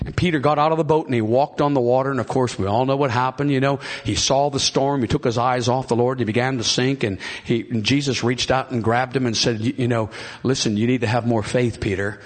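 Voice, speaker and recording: A middle-aged preacher excitedly retells a scripture story in his sermon, frequently repeating and restarting phrases and calling out to the congregation. His voice is mid-range, and he moves at a quick pace with few pauses.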